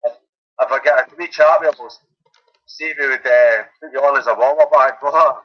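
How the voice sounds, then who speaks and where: A man's voice: mid-range voice, steady tone, a little fast, dull audio. A Scottish man calling into a radio show, chatting in an easygoing, rambling way with lots of fillers. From Scotland. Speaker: caller. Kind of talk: casual chat.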